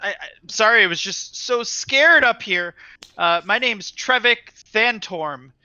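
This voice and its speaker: A terrified young guard stammers and rambles in a raised, bright voice, a man acting him out. He pleads and fumbles his words. The sound is dry and a little muffled. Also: sits high, measured pace, clear, resonant tone, no echo, voice pushed up, heavily acted. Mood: nervous. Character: frightened young male human guard, nervous and rambling.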